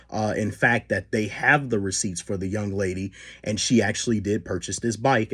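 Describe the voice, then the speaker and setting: A man's voice: on the low side, husky. A man hosting a solo commentary podcast, talking with many fillers and restarts. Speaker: podcast host.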